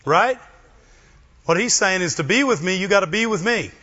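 A man preaching a sermon, animated, often asking the congregation for a response. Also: sits high, normal speed. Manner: animated, asks the congregation questions. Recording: dull lo-fi recording.

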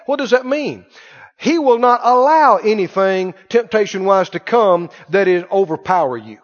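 Emphatic high-voiced male preacher. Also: animated, normal speed. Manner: emphatic, with call-and-response questions to the congregation. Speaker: pastor. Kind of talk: sermon. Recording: dull echoey church recording.

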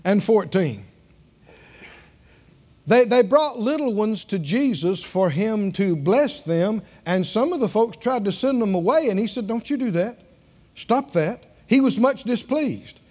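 A man preaching a sermon, drawing answers from his congregation and rising to shouts. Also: high-pitched, animated, measured pace.

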